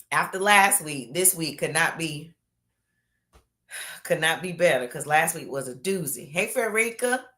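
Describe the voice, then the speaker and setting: A woman pastor hosting an online Bible study, chatting casually with drawn-out emphasis while reading viewers' comments aloud. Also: lowish voice. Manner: animated, drawn-out emphasis, calls people baby.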